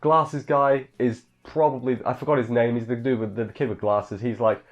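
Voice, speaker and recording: A man's voice: medium pitch, fairly even intonation, moderate pace. Casual male reviewer, offhand and chatty, dull lo-fi mic sound. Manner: rambling, offhand, filler-heavy, mimics characters in quotes. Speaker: anime reviewer. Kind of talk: casual episode recap.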